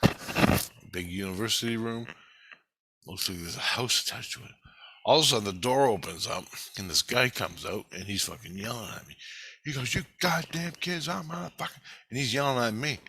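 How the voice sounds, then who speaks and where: A man's voice: lowish voice, animated, fairly quick, bright, forceful tone, breathy edge. Intense, swearing man recounting a dream. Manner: profane, rambling, intense. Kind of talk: rambling dream recounting monologue.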